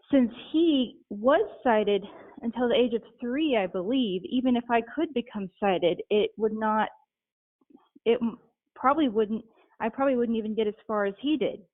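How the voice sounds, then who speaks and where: A young adult woman answering interview questions in a measured, matter-of-fact way over a phone call. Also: mid-range voice, no room sound. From Utah. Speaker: guest. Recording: tinny phone line.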